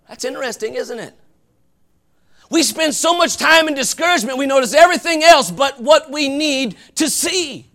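A man preaching a fervent sermon with folksy asides, often rising to shouts. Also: extremely high pitch, expressive, moderate pace. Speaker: pastor.

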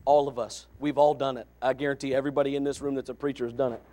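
A man's voice: mid-range voice, little pitch movement, very fast, warm tone. A middle-aged man preaching a sermon, emphatic and impassioned, with joking asides.

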